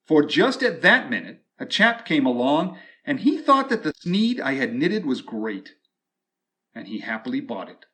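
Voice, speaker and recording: A man reading a rhyming storybook aloud with an expressive, drawn-out delivery. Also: mid-range voice.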